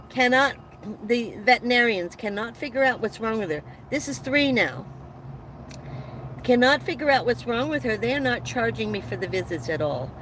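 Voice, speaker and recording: A woman's voice: on the high side, a bit bright, a little hiss or hum, low-quality recording. A woman hosting a casual live chat from inside her van, telling rambling stories with many restarts. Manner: chatty, rambling storytelling with frequent restarts and laughs. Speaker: livestream host.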